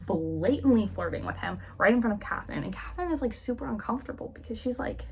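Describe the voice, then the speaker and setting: A woman book vlogger giving a chatty, animated recap of a novel, full of casual fillers. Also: mid-range voice, fast, creaky, few pauses, husky.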